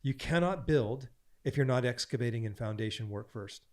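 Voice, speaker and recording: A man speaking as a podcast guest in an animated, preachy way, stacking repeated phrases as he coaches. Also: mid-range voice, normal speed.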